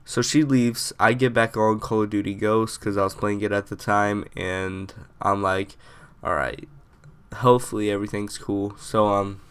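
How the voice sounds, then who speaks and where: Young male vlogger, low smooth voice, rambling storyteller. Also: level tone, moderate pace, hardly any pauses, a bit bright. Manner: rambling, filler-heavy storytelling. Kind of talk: casual storytime.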